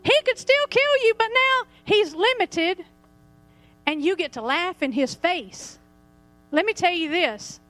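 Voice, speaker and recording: High-voiced woman preaching animatedly. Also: a little slow, no room sound. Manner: animated, laughing, acting out scenes. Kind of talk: lively sermon.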